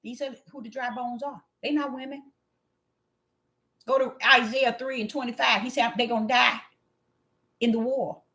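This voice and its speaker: A woman preaching an impassioned sermon, calling out to her listeners and swinging from low murmurs to loud cries. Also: steady tone, normal speed, long pauses. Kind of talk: fiery street sermon.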